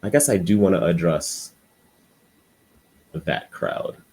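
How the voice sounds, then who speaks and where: A man's voice: low-pitched, lively intonation, slow, a little mellow, husky. A man giving an unscripted commentary monologue for a video essay. He rambles and stutters, restarting his sentences often.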